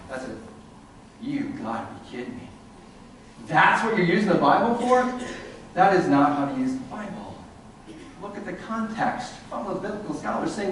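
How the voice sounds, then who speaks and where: This man's sarcastic, funny lecture moves at a moderate pace with frequent pauses, his voice sitting high and animated. A distant mic in an echoey hall captures it, along with slight hiss or hum.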